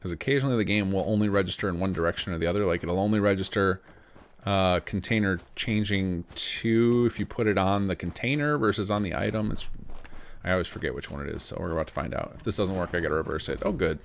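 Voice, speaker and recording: A man narrating his modding session live, thinking aloud in quick, casual bursts and tossing off jokes. His voice sits fairly low and carries a gravelly, fry-heavy texture. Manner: rapid, casual thinking aloud with joking asides. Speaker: game modder streaming his work. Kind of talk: live commentary while modding.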